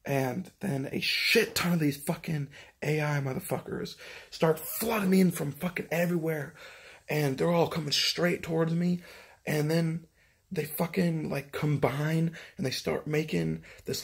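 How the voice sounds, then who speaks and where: A man's voice: on the high side, fairly even intonation, a little slow, creaky, breathy edge. A man casually recounting a story in a rambling monologue, swearing constantly and leaning on filler words. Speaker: vlogger recounting a dream.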